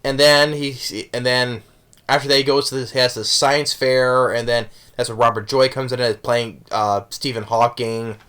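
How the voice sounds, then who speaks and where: A man's voice: medium pitch, flat delivery, normal speed, a bit bright, smooth. A man casually reviewing a movie, rambling with many restarts and self-corrections, chuckling as he recounts the jokes.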